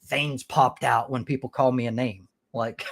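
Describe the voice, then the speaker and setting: An American man hosting a live stream, swearing freely and rambling through restarts. His voice sits at an everyday middle pitch. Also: fairly even intonation, measured pace, vocal fry, a bit bright. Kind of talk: casual crude chat.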